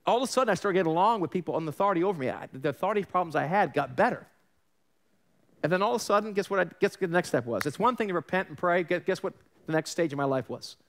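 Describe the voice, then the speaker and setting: Animated New pastor preaching. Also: male voice, high voice, rapid-fire. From Long Island, New York. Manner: animated storytelling, acts out quoted voices, sarcastic asides. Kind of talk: sermon.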